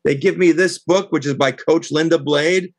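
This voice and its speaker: A middle-aged woman as an interview guest, telling a heated story in an animated, indignant way. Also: deep voice, moderate pace, dry recording. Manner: animated, indignant, quotes others.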